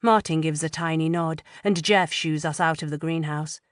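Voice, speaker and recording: A woman reading a first-person psychological thriller audiobook in a measured, tense way. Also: deep voice, steady tone, no echo, clean studio sound. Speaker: audiobook narrator.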